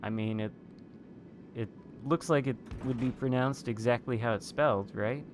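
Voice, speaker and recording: A man's voice: mid-range voice, moderate pace, slight background noise. A man giving casual commentary over a video game, chatting and muttering asides to himself as he plays. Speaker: gaming video host.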